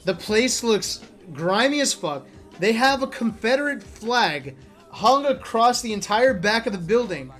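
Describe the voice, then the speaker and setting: A man with a fairly high speaking voice recounts travel mishaps in a loose vlog monologue. He is animated and profane and laughs often, with faint music playing behind him. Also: a little slow. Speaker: esports player vlogger. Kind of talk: casual storytelling monologue.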